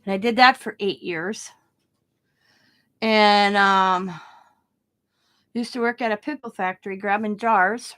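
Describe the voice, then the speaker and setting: A woman's voice: medium pitch, steady tone, slow, pauses often, fairly bright tone. A middle-aged woman chatting casually about her day while she crafts, rambling and laughing as she goes. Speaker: craft vlogger.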